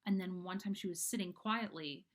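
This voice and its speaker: A woman casually reads a chapter of a children's book aloud in a chatty way, with fillers, asides and animated character voices. Her voice is fairly low in pitch and she reads at a normal speed.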